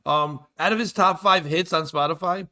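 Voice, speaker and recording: A man's voice: a little high, normal speed, bright, forceful tone. A man hosting a casual comedy talk show, joking crudely and laughing often. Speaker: host. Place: live-streamed show.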